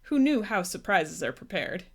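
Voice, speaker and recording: A woman reading a children's storybook aloud in a gentle, unhurried way. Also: fairly low pitch, sing-song, creaky. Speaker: storybook reader.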